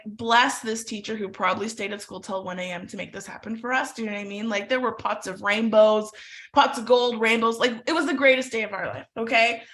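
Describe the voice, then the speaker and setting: A middle-aged woman from Canada telling a lively personal story in a webinar. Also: a little high. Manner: animated storyteller who acts out voices. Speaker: webinar presenter.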